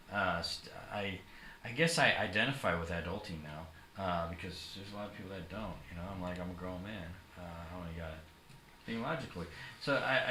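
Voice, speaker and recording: A young man hosts a loose livestream chat, rambling and restarting, his voice very bright and his pitch swinging widely. It sounds recorded in an echoey room with a faint hiss behind. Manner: rambling, chatty, many restarts and playful asides. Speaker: host. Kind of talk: casual chat on a livestream show.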